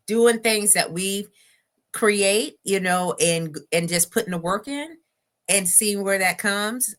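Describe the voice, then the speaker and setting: A woman in her forties hosts a relaxed interview, speaking slowly and talking straight to her audience. Her voice is bright but sits fairly low. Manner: relaxed, speaks to listeners as "y'all". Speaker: podcast host. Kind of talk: casual interview chat.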